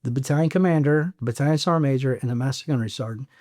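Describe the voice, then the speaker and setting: A middle-aged man from Chicago, a former Marine sergeant, telling a story in a blunt, animated way. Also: medium pitch, very fast. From South Side of Chicago, US. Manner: animated, blunt, acts out quoted voices. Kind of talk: casual storytelling interview.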